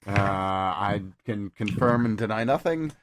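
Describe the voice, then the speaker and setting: A man hosting a casual podcast, telling a story with lots of fillers and pauses. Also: lowish voice, lively intonation, background noise. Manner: rambling storyteller with many fillers. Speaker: podcast host.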